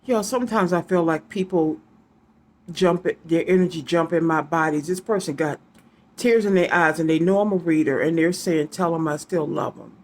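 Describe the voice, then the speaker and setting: A woman's voice: lowish voice, moderate pace, slight background noise. A woman giving a casual psychic reading to her viewers, rambling and repeating names and letters aloud as she goes. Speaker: psychic reader.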